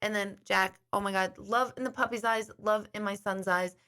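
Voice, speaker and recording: A woman's voice: medium pitch, steady tone, moderate pace, pushed and bright. A middle-aged woman host chatting casually to her viewers, telling a long rambling story. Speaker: intuitive host.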